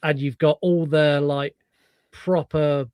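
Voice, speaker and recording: A man's voice: fairly high pitch, steady tone, slow, a little mellow, clean tone, no echo. A middle-aged British man, co-hosting a podcast, chatting casually and retelling film scenes with animation. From Britain. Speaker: podcast co-host. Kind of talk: casual chat.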